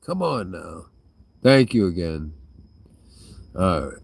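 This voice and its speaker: A man's voice: deep voice, big pitch swings, slow pace, vocal fry, breathy edge, no room sound. A man hosting a casual livestream chat, laid-back and thanking viewers by name. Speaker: livestream host.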